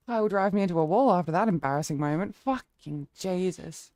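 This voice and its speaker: A woman's voice: on the low side, animated, brisk, a little mellow, no room sound. Playful woman streamer, dry mic. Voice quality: playful, flirty, crude joking, laughs often. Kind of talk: casual livestream chat.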